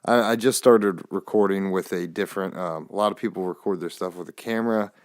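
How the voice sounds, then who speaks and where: A man's voice: low voice, fairly quick, dry recording, clean studio sound. A man hosting a podcast, rambling loosely through a casual monologue and swearing now and then, recorded on a phone. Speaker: podcast host. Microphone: phone camera.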